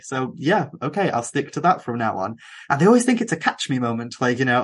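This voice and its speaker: A young man with a Welsh accent, hosting a podcast and chatting casually, with quick asides and frequent restarts. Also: mid-range voice, expressive. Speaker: podcast host. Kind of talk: casual conversation.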